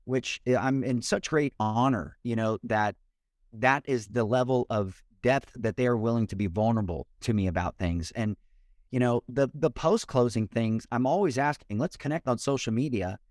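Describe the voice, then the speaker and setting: Energetic man telling stories in a dry recording. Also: mid-range voice, normal speed, dry recording. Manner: energetic, expressive storyteller. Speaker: mortgage loan officer, podcast guest. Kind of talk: casual interview talk. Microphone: remote call.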